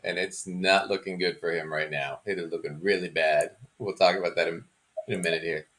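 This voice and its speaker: A man's voice: deep voice, fairly even intonation, fairly quick, a bit bright. A man hosting a casual commentary chat, chatty and mocking, often laughing. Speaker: host.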